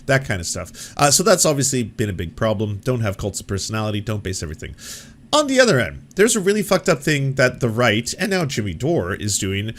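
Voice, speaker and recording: A male commentary host who rambles through his points with a sarcastic, profane edge. His voice sits at an ordinary middle pitch. He talks the way people do in unscripted reaction videos. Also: sing-song, fairly quick. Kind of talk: casual commentary reacting to clips.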